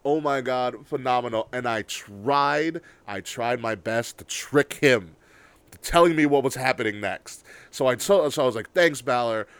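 A young man chatting casually as a podcast co-host, telling an excited story with lots of swearing and bursts of loud laughter. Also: mid-range voice, normal speed, clean tone, no echo. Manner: excitable storyteller, swears a lot, shouts when worked up. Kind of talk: casual chat.

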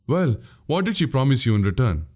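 A man's voice: mid-range voice, very animated, a little fast, darkish tone. A man voicing a crafty older male spy in an audiobook, needling and mocking with pointed questions. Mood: teasing. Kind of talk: audiobook character voice.

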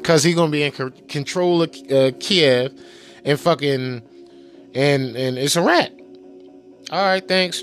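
A man rants in a fired-up, scornful vlog, stacking up curses and circling back to the same points again and again. His voice sits a little high for a man. Soft music plays quietly underneath. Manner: heated, mocking, repetitive, swears constantly. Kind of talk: profane political rant.

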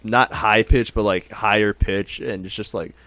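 A man's voice: lowish voice, steady tone, moderate pace, a bit bright, no echo. A young man chatting casually on a podcast, rambling, swearing freely and laughing often. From Mexican-American. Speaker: podcast host.

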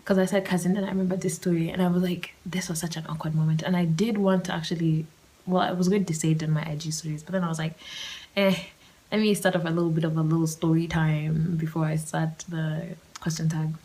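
A young woman hosts a casual solo storytime podcast, rambling and animated and often dropping into a whisper. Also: low-pitched, quick pace, low-quality recording. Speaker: podcast host.

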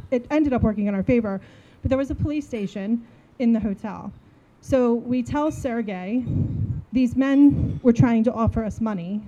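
A woman in her forties from New Jersey, telling a funny story in a casual, animated way and acting out the dialogue. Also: fairly high pitch, low-quality recording. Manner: animated, acts out dialogue, laughs while telling.

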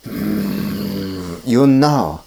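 A man voicing Dracula as a cold, threatening vampire lord in a low, drawn-out whisper. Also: gravelly, darkish tone, a little hiss or hum, exaggerated voice.

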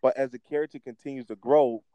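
A young man co-hosting a casual wrestling chat, talking in an animated, rambling way with restarts. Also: medium pitch, quick pace, no room sound, muffled recording. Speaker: podcast co-host.

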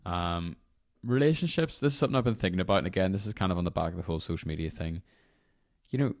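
A young man with a very low, deep voice hosts a devotional podcast. He talks in a loose, rambling way, apologizing for his tangents as he leads into guided prayer. The sound is dry and close-miked. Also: no echo. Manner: casual, rambling, apologetic asides. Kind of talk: reflective podcast talk leading guided prayer.

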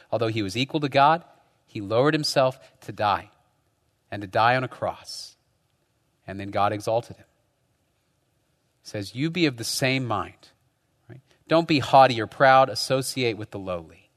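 A man's voice: medium pitch, a bit bright, big-room sound. A man preaching a sermon as pastor, talking conversationally and often tagging his points with rhetorical questions. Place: church.

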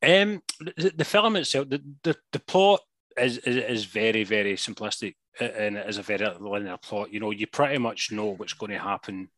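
A man's voice: on the low side, moderate pace, a bit bright, no echo. A Glaswegian man co-hosting a casual film review chat, swearing freely and breaking into laughing asides. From Glasgow, Scotland. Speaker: podcast co-host.

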